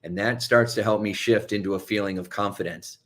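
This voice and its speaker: A man with a fairly low voice delivers a motivational self-help talk as a coach. He talks quickly and urgently, pressing advice on the listener. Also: steady tone, fairly bright tone. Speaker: hypnotherapist and coach.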